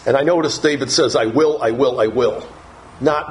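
A man's voice: medium pitch, moderate pace, a little hiss or hum, low-quality recording. A male pastor preaching a Bible-teaching sermon, reading verses aloud and stressing key phrases with strong emphasis.

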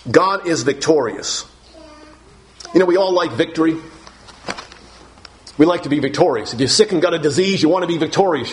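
A man preaching an expository sermon, emphatic, repeating key phrases with conversational asides. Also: fairly high pitch.

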